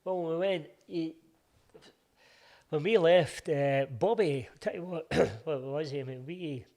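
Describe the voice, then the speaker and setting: A man's voice: fairly high pitch, measured pace. A middle-aged Scottish man, a football coach, casually telling stories as an interview guest and acting out old conversations. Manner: animated anecdotes, acting out past conversations in reported speech. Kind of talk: casual storytelling.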